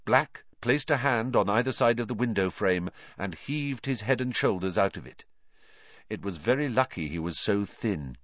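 A man's voice: lowish voice, expressive, normal speed, a bit bright, no room sound, dull audio. A man narrating an audiobook, reading expressively and voicing the characters.

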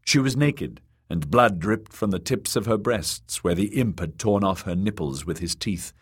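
Low-voiced male audiobook narrator. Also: animated, moderate pace, breathy edge.

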